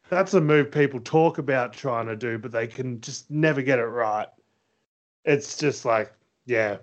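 A man co-hosting a casual wrestling podcast, excitable and quick to laugh. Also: mid-range voice, muffled recording. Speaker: podcast co-host.

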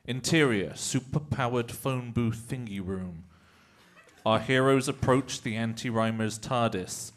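A man's voice: mid-range voice, measured pace. A man narrating stage directions in a live improv comedy show, often chuckling.

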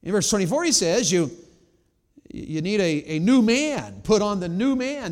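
A man preaching a sermon in a church, swinging between loud emphatic peaks and low quiet asides. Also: very animated, normal speed. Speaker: pastor. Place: church sanctuary. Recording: long reverb of a large church hall.

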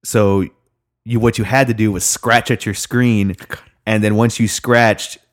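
A young man with a slightly low voice rambles through a casual story. He swears often and fills gaps with "like" and "um." He talks loosely, as he would with a friend. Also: fairly even intonation, a little slow. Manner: rambling storytelling, heavy swearing, frequent fillers. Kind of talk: casual chat.

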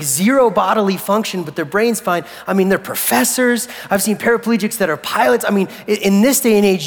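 A man's voice: fairly high pitch, gravelly. Man preaching in a reverberant church hall. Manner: animated, jokey, acts out voices of characters. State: recovering from flu. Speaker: pastor. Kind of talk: sermon.

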